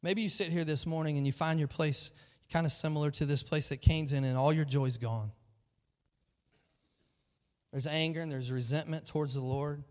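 Animated male preacher in a reverberant hall. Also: fairly high pitch, normal speed, pauses often. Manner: animated preaching, acts out quoted voices. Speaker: pastor. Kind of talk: sermon. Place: large church hall.

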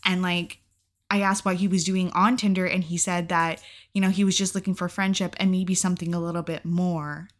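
Candid, swearing young woman with a lowish voice. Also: flat delivery, a little fast. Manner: candid and profane, with frequent "like" and laughs. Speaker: vlogger. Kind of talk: casual storytime.

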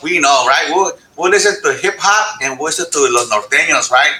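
A man with a strikingly bright voice speaks on a panel in an echoey room. He talks in an animated way, mixes English with Spanish, and keeps tossing in "right?". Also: fairly high pitch, fairly quick, slight background noise. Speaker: panel guest. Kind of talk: panel discussion.

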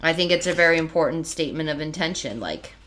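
A woman's voice: sits low, expressive, quick pace, background noise. A woman co-hosting a casual book-discussion podcast, speaking in a dry, decisive and teasing way. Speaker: podcast co-host.

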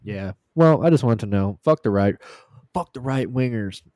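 Co-hosting a podcast, a man with a mellow, mid-range voice and lively intonation trades crude, profane jokes at a moderate pace, laughing often and swearing plenty in casual banter. The studio-quality recording has no room sound.

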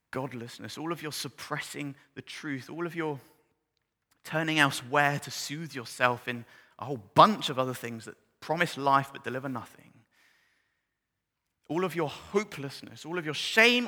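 A man delivering a sermon in a bright, ringing voice that rises to loud, passionate climaxes. He drops to hushed, almost whispered tones when reading scripture. His words trail off into the long reverb of a large hall. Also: a little high. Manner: swings from loud impassioned build-ups to hushed, near-whispered scripture reading. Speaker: preacher. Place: church hall.

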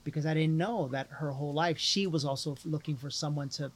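A man's voice: a little high, fairly quick, slight background noise. A man guest on a podcast, telling an earnest personal story with lots of fillers and restarts. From Latino background. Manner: earnest, emphatic, with many repeated fillers. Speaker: guest, life coach.

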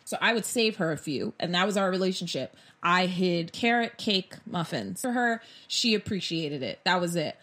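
Young woman vlogging, chatty storytime, acts out the quotes, lively and dramatic. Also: lowish voice, moderate pace, hardly any pauses. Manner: animated, dramatic retelling with acted-out quotes. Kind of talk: casual storytime monologue.

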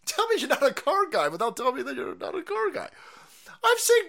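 A man's voice: extremely high pitch, wildly swooping pitch, fairly quick, creaky, pushed and bright. A man, a streamer delivering a foul-mouthed, incredulous conspiracy rant.

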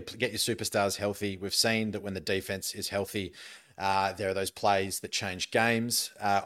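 An Australian man with a somewhat low voice hosts a relaxed sports podcast. He reads out quiz questions to his mates and teases them as he does. The talk is loose and conversational. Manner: quizmaster, reads questions out teasingly. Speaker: podcast co-host. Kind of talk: casual podcast chat.

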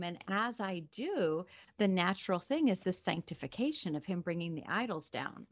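A woman with a fairly low voice reads a scripture passage aloud. She then reflects on it earnestly, sharing a personal faith story with light laughter. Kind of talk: reading scripture and sharing a testimony.

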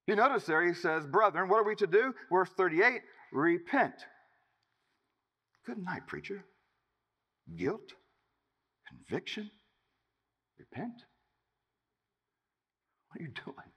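A man delivers a sermon in a long-reverb church hall, his voice high and swinging widely in pitch. He preaches emphatically, leaning on single words with dramatic pauses. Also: fairly bright tone. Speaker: pastor.

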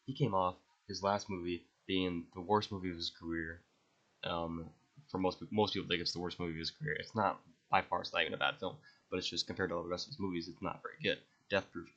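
A man's voice: low-pitched, little pitch movement, quick pace, fairly bright tone, lo-fi sound. A young man hosting a podcast, rambling enthusiastically through his favorite movies and swearing freely. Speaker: podcast host. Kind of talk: casual movie ranking monologue.

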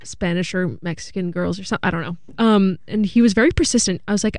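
A woman's voice: mid-range voice, fast, hardly any pauses, no echo. Young woman telling a story in close, dry sound. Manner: animated storytelling, acting out quotes. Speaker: podcast co-host. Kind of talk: casual chat.

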